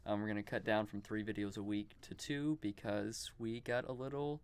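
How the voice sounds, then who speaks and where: A man's voice: on the low side, moderate pace, smooth. A young man, hosting a casual podcast chat, joking and laughing often. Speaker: podcast host.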